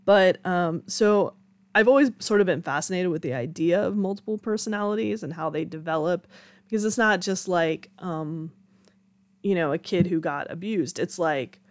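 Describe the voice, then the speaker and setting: In a dry recording, a young woman with a voice on the low side chats casually on her own solo podcast at normal speed. She's candid, laughs a lot and swears casually.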